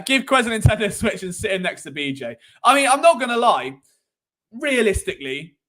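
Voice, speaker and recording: A man's voice: sits high, fairly bright tone. A young British man hosting a sports live stream, chatting in a cheeky, rambling, jokey way. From Britain. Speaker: sports show host.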